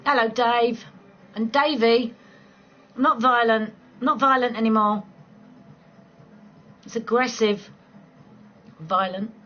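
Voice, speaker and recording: A woman's voice: a little high, fairly even intonation, unhurried, pauses often, pushed and bright, muffled recording. A woman, chatting casually and playfully on a late-night livestream from home, swearing freely and laughing often. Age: 40s. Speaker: livestream host chatting with viewers.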